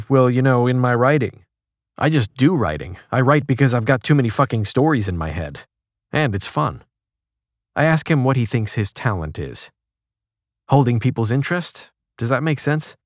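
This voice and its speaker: A man narrating a magazine feature in a measured, even reading, shifting his tone a little for quoted lines. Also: medium pitch, dry recording, studio quality. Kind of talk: scripted narration.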